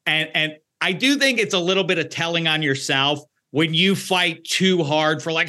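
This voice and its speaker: A man hosting a sports talk show, chatting casually with animated asides and quick self-corrections. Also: fairly high pitch. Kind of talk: casual sports podcast chat.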